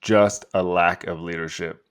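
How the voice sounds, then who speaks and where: A man hosting a podcast in casual conversation, excitable and swearing freely. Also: deep voice, a little slow, smooth. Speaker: podcast host.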